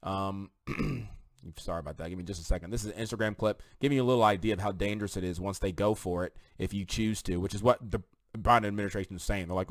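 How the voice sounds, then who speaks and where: Indignant man, low dry voice. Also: fast, no room sound. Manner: indignant, rambling asides. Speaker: political commentator. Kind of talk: casual commentary reading news aloud.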